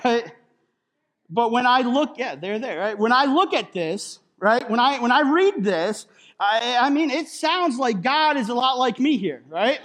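A male pastor delivers a sermon with a notably high voice. He talks slowly and unhurriedly, keeps checking in with "right?", and drops joking asides along the way. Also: animated, fairly bright tone. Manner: conversational, keeps adding "right?"; jokey asides.

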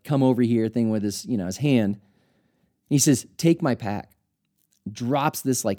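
A man's voice: mid-range voice, mellow. A man who studied at seminary, explaining scripture in an earnest teaching talk and asking rhetorical questions as he goes. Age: adult, studied at seminary.

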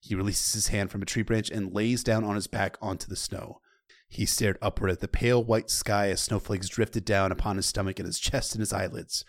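A man's voice: fairly low pitch, fairly even intonation, fairly quick. A man retelling a novel's chapter in a loose, conversational way, with casual asides to the listener. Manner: loose and conversational, with occasional profanity. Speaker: storyteller.

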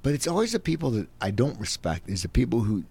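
A man's voice: medium pitch, very animated, fast talker, creaky, darkish tone, breathy edge. A man hosting a loose, chatty interview. He rambles, stammers through repeated restarts and keeps cutting in on his guest. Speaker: podcast host. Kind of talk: casual interview chat.

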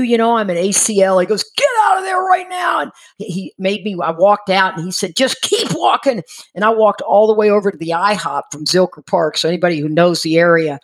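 A middle-aged woman telling a personal recovery story, animated and acting out the people she quotes. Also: lowish voice. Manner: animated, acts out quoted voices, frequent restarts. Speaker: speaker sharing a recovery story.

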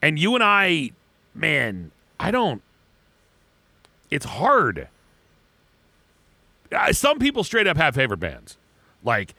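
A man's voice: on the high side, wildly swooping pitch, unhurried, pauses often, bright, forceful tone, no room sound. A man co-hosting a podcast, rambling through casual chat with crude jokes and constant restarts. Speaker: podcast co-host.

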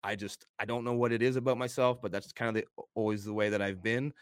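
A middle-aged man talking openly and earnestly as a guest in a casual interview. His voice is low and smooth, recorded dry and close. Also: fairly even intonation, quick pace, no room sound. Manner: open, earnest storytelling. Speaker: wrestler guest.

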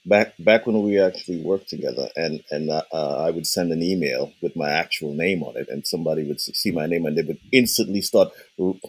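A man's voice: rumbling low, a little fast, few pauses, breathy edge. A man chatting casually as a podcast co-host, joking, swearing and repeating his punchlines. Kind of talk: casual chat.

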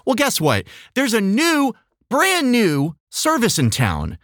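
A man co-hosting a podcast in casual comedic chat, animated and jokey, laughing often. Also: very high voice, slow pace, no room sound, studio quality. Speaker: podcast co-host.

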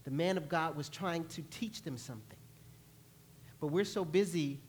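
Playful animated preacher man. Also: fairly high pitch, moderate pace, slight background noise. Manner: animated, playful, acts out voices and laughs with the congregation. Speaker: pastor. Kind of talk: sermon. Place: church sanctuary.

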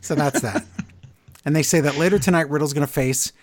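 A man's voice: fairly high pitch, a little fast, dry recording, studio quality. A man co-hosting a podcast, recapping wrestling in casual chat with sarcastic, exasperated asides. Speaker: podcast co-host.

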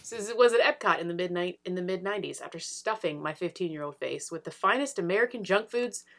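A woman co-hosting a casual chat show, reading listener stories aloud with a giggly, animated delivery. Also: on the low side, fast talker. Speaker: podcast co-host.

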